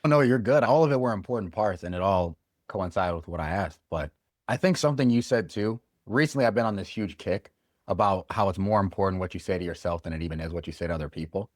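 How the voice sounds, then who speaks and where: A male podcast host with a very low voice who talks quickly, with ideas tumbling out one after another. He sounds eager and loose, leaning on "like" as he thinks aloud. The recording is dry and close, with no room sound. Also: no room sound. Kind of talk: casual podcast conversation.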